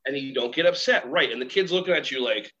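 Guest speaker guy, animated storyteller, does little voices, kinda muffled audio. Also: mid-range voice, fast. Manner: animated, acts out quoted voices of kids and teachers. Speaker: guest, workshop trainer and keynote speaker. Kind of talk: storytelling interview talk. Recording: slightly muffled recording.

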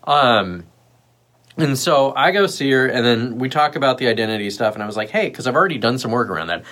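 A man chats loosely on his own livestream, drifting from thought to thought with plenty of filler words and side remarks. His pitch sits at an ordinary middle height for a man. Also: a little fast. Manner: loose, rambling, many fillers and asides; puts on lively voices when quoting others. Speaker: livestream host. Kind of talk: casual rambling livestream chat.

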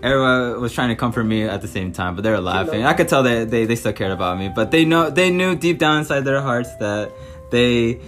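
A man telling a story among friends in a casual chat, animated, swearing often and laughing. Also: medium pitch, brisk, faint music behind. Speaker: storyteller on a podcast.

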